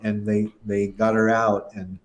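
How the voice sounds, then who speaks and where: A man's voice: fairly low pitch, level tone, a little slow. An older man, a musician guest, telling a rambling anecdote in casual talk and acting out the voices of people he quotes. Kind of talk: casual storytelling interview.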